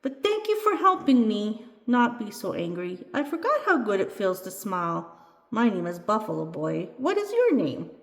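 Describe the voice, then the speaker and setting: A woman's voice: medium pitch, very animated, moderate pace. A woman voicing a young boy doll who is grumpy at first, in a storybook reading. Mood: sheepish. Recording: echoey room with long reverb.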